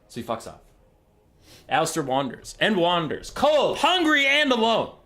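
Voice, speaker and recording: A man's voice: high-pitched, huge pitch swings, moderate pace, gravelly, sharp tone. A man streaming a strategy game, telling a rambling, sweary comic story as he plays.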